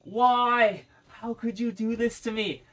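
A man voicing a pleading, whiny male driver with a high, drawn-out wail. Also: steady tone, fairly bright tone, full character voice.

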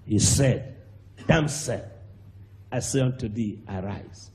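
A man with a Nigerian accent preaching a sermon, telling a testimony with animated acted-out voices and sudden shouts. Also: on the low side, takes it slowly, gravelly, slight background noise. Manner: animated storyteller, acts out voices, bursts into shouts and laughter.

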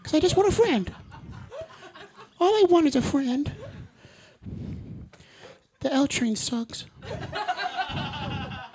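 A man doing stand-up in a put-on soft, timid little boy voice like a cuddly cartoon bear, meek and stammering, on a comedy club stage. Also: extremely high pitch, lively intonation, takes it slowly, long pauses, noisy background, pitched above the performer's own voice, heavily acted. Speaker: stand-up comic. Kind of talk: stand-up set in a character voice.

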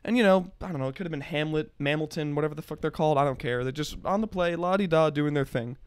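A young man co-hosting a podcast, telling a story in a casual, animated and profane way. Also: on the high side, fast talker, smooth. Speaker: podcast co-host.

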